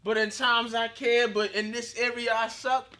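Very bright-voiced man chiming in. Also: extremely high pitch, flat delivery, moderate pace. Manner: interjecting, echoing the other man's lines, giving advice. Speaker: podcast co-host. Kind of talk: casual chat. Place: studio.

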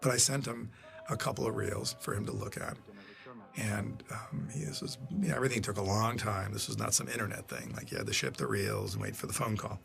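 A man's voice: fairly low pitch, big pitch swings, brisk, gravelly, fairly bright tone, faint music behind. An older man, a film producer, telling rambling behind-the-scenes stories on a commentary track, often restarting and quoting people. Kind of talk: DVD commentary storytelling.

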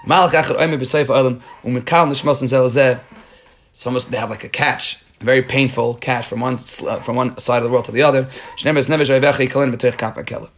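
A man working through a Talmud page, speaking quickly at a medium pitch with a steady, slightly bright tone. He's a Talmud teacher who reads the Aramaic aloud and then explains it in English, restarting often.

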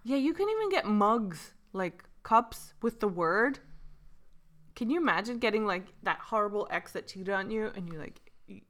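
A woman co-hosting a casual chat podcast with a bright, forward voice. She teases her co-host and tells stories in an animated way, breaking into laughter. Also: mid-range voice, normal speed. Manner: laughing, teasing, animated storyteller.

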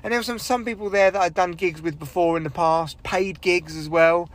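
Sweary comic, rambling and self-deprecating. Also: male voice, high voice, steady tone, a little fast, no echo. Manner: rambling, sweary, self-deprecating, with big vocal swings when acting out others. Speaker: stand-up comedian. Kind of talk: casual solo podcast monologue.

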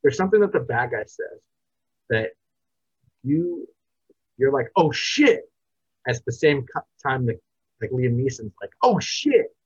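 A man's voice: medium pitch, lively intonation, unhurried, long pauses, darkish tone, breathy edge, no room sound. A man co-hosting a casual movie review podcast, rambling with restarts. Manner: rambling, restarts, drops into a mumble at ends. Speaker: podcast co-host. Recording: dull, dry podcast mic.

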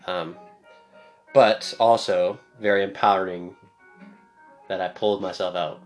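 A young man with a low-pitched voice tells a story in a loose, rambling way, slipping into other voices when he quotes people. Soft music plays faintly underneath. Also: fairly even intonation, unhurried. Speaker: podcast co-host. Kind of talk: casual storytelling chat.

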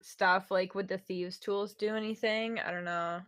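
A woman's voice: medium pitch, fairly even intonation, a little slow, a bit bright, smooth. A woman playing a tabletop game, giggly and hesitant as she thinks aloud. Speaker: player.

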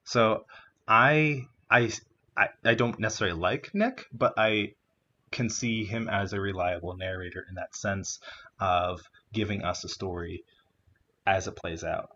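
Chatty young man, low voice, lo-fi. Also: fairly even intonation, a little slow, bright, forceful tone, slight background noise. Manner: chatty, many fillers and likes, acts out quotes. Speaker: discussion partner. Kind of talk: casual book discussion.

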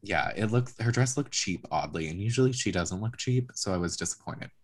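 A woman's voice: extremely low pitch, expressive, a little fast. A woman co-hosting a casual podcast, chatty and profane, acting out quotes as she recaps. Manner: chatty, swears, acts out quotes. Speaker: podcast co-host. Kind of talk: casual reality-TV recap chat.

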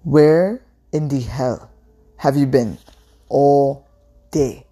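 A woman reading a story aloud and voicing an angry middle-aged father who shouts accusations at his daughter and wife. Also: extremely low pitch, extremely slow, breathy edge, full character voice. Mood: furious shouting. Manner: bellowing, accusing, loud.

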